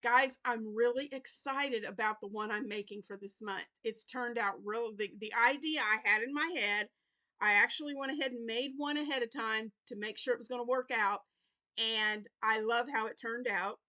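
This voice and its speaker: A woman with a light Southern US accent and a bright, fairly high voice rambles through a casual update about her week. She is tired and yawning, filling pauses with ums and apologies as she thinks aloud. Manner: rambling, chatty, with many fillers and apologies. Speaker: crochet channel host. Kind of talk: casual weekly update vlog.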